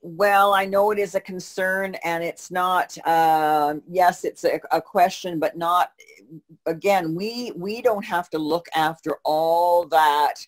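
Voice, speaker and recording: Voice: medium pitch, fairly even intonation, slow. Speaker explaining with hesitant restarts. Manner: explaining steadily, with frequent false starts and fillers. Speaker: co-host answering distributor questions. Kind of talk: casual conversational Q&A.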